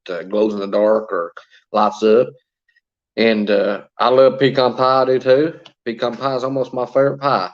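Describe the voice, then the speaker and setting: A man's voice: medium pitch, highs cut off. A man hosting a casual livestream, chatting and reading viewer comments aloud with plenty of fillers. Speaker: livestream host reading chat. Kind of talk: casual live-chat talk.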